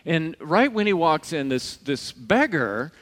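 A man's voice: fairly high pitch, sing-song, a little slow, fairly bright tone. A man preaching a conversational sermon, telling stories and acting out the quoted voices. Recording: long reverb of a large hall.

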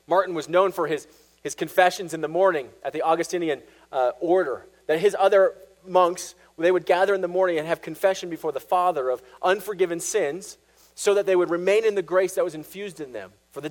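A man preaching a sermon, animated, acting out quoted voices as he teaches. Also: high-pitched, low-quality recording.

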